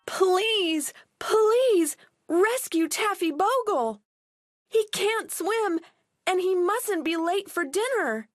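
Storybook little girls, woman reader doing them: high, urgent, begging for help. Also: big pitch swings, measured pace, few pauses, breathy edge, no echo, studio quality, exaggerated voice. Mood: pleading. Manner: high, pleading, urgent cries. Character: two small girls, eager and anxious.

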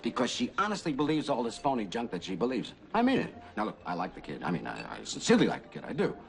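A man's voice: mid-range voice, huge pitch swings, quick pace, gravelly. An actor playing a brash, chummy, middle-aged male talent agent who rambles and calls everyone baby, in film dialogue. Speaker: Hollywood agent character.

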